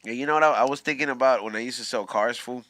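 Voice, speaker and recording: A man's voice: medium pitch, racing, sharp tone, dry recording. A man, casually telling a story on a podcast, slangy and full of profanity. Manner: laid-back slangy storytelling with profanity, laughs often. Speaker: podcast host.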